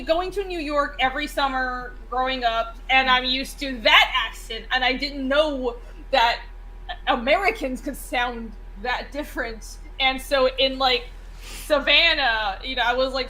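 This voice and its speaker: Woman, high voice, bright tone, chatty and rambling, casual stream chat. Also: rough recording. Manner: chatty, rambling with many fillers. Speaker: co-host.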